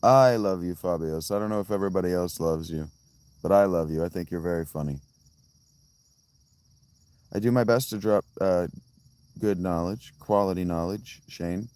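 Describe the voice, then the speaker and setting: Male streamer, deep low voice, rambling casual chat with the audience, wandering tangents and restarts, outdoors. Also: normal speed, pauses often, a little mellow, smooth, no echo. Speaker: livestreamer reading chat. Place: outdoors by a fountain.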